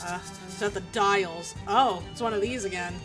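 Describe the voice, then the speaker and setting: A woman streamer playing a game, reading its text aloud in a chatty, giggly, halting way. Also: medium pitch, music in the background.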